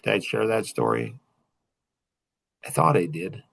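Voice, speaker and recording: A man telling a rambling, emotional personal story on a podcast, getting louder and higher when he makes a point. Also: big pitch swings, a little slow, vocal fry, husky. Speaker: podcast guest.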